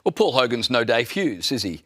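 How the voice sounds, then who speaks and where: A man's voice: mid-range voice, very animated, normal speed, a bit bright, no room sound. A man giving dry, dismissive political commentary on a panel.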